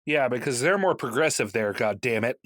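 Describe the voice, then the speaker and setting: Wisecracking man with a lively voice. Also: mid-range voice, a little fast. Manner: wisecracking, sarcastic, swears. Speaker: podcast co-host. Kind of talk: casual chat.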